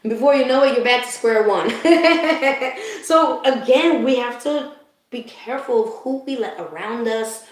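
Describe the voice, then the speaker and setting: A woman's voice: on the high side, lively intonation, unhurried. A woman giving a live spiritual card reading to her viewers. She talks emotionally and confidingly, laughs often, and keeps checking in with the listener. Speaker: spiritual reader. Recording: very echoey room.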